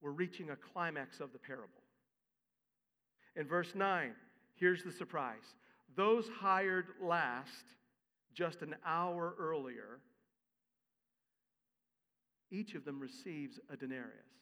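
A male pastor preaching in a high, bright voice, with a casual and expressive delivery. His words ring out through a long church reverb. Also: slow. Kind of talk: sermon.

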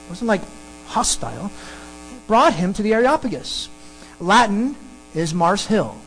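A pastor preaching a sermon and teaching through a Bible passage, emphatic and animated. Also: a little slow, slight background noise, poor audio. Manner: animated, emphatic preaching with sudden pitch jumps.

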